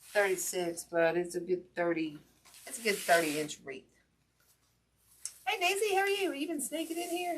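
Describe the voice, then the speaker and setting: A woman's voice: on the low side, slight background noise. Chatty woman hosting a craft livestream. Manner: chatty and folksy, many ums, greets viewers by name. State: in pain from a hurt hand. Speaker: wreath-making livestream host. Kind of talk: casual livestream chat while crafting.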